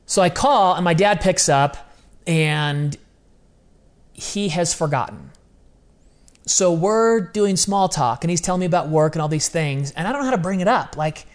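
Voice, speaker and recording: A man in his thirties, a guest telling a personal story in casual chat, animated and full of slang. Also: high-pitched, moderate pace. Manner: animated, casual slang, acts out quoted voices.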